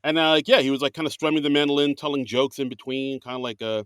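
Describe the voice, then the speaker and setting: A man's voice: medium pitch, level tone, fast talker, fairly bright tone, clean tone, no echo, studio quality. A man co-hosting a comedy podcast, chatting casually with lots of fillers and a playful streak. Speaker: podcast co-host. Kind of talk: casual chat.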